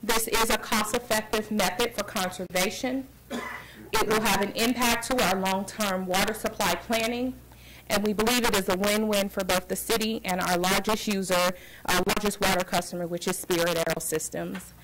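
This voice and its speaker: A woman on city staff giving a steady, official briefing on a proposal to the council. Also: medium pitch, moderate pace, noisy background. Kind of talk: staff presentation. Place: council chamber.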